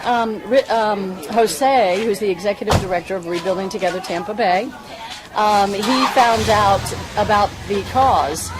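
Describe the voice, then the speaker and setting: A woman giving a heartfelt, rambling speech at a ceremony as a volunteer fundraiser, often restarting her sentences. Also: medium pitch. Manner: earnest, rambling, with many restarts. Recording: crowd noise behind the speaker.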